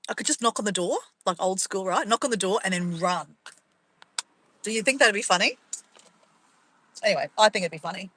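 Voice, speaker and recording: A woman vlogger telling a funny story to her viewers, animated and laughing, swearing freely. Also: mid-range voice, a little fast, long pauses, slight background noise, rough recording. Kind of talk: casual storytelling to camera.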